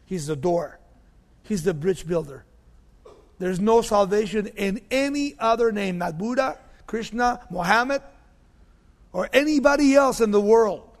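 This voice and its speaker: Emphatic preacher with a high voice. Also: male voice, a little slow, long reverb tail. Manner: emphatic, repeats key phrases, drops to low quiet tones. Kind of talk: sermon.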